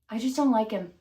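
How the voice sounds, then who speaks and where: Her voice sits on the high side and sounds mellow. She's a vlogger rambling casually to camera, self-deprecating and scattered, often losing track and leaning on fillers and restarts.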